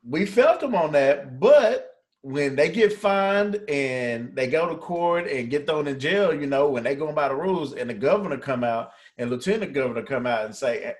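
A man's voice: fairly high pitch, expressive, moderate pace. A man co-hosting a podcast, talking in a laid-back, slangy, storytelling way. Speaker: podcast co-host. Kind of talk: casual podcast chat.

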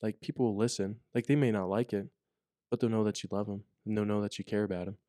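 A man's voice: on the low side, fairly even intonation, fast talker, mellow, dry recording, clean studio sound. A young man chatting casually on a podcast, rambling with lots of fillers and restarts. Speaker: podcast co-host, corrections officer. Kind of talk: casual chat.

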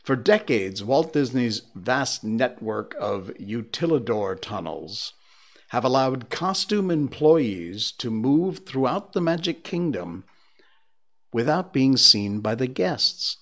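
A man hosting a livestream in casual chat, reading odd stories aloud with spooky asides. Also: mid-range voice. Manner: slow, animated reader with spooky asides. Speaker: livestream host.

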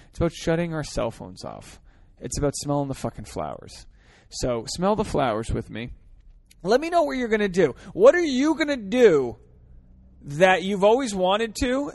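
A man hosting a solo podcast from his parked car, ranting earnestly with lots of swearing, swinging between fired-up pleas and quieter reflection. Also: medium pitch, dry recording. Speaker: podcast host.

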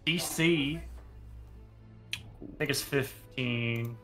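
A man's voice: medium pitch, extremely slow, sharp tone, faint music behind. A man playing a tabletop game, speaking matter-of-factly. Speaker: player.

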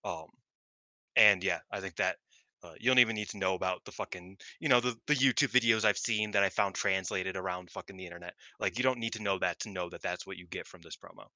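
A man's voice: low voice, fast talker, sharp tone, dry recording. A man co-hosting a casual chat, rambling and swearing, full of fillers. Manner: rambling, profane, lots of fillers. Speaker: podcast co-host. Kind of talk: casual chat about pro wrestling.

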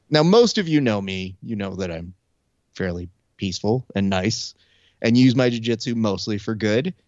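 A low-pitched young man chats casually, telling a story. He acts out the quoted lines with lively shifts in pitch. His voice sounds dry and slightly dull, as if recorded on a modest mic. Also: dry recording. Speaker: podcast host. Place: Burbank area.

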